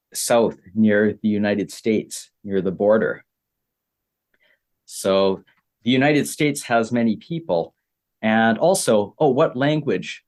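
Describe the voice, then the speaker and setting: A Canadian man teaching beginner English, repeating simple phrases with many pauses. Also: fairly low pitch, darkish tone. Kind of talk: slow, simple explaining for beginner learners.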